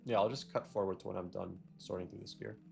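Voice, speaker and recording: A man's voice: on the low side, steady tone, fast talker, creaky, a little mellow, soft background music. A young man giving casual, rambling gameplay commentary, correcting himself and drifting into jokey rants. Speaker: gaming video creator.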